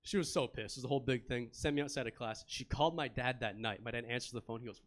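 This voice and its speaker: A man's voice: mid-range voice, fast talker, hardly any pauses. A young man doing a stand-up comedy set in a club, telling stories in a laid-back, chatty way and bantering with the crowd.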